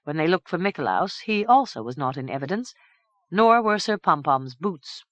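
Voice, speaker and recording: A woman reading a fantasy novel aloud in a measured, even storytelling manner. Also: lowish voice, no room sound. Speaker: audiobook narrator. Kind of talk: scripted narration.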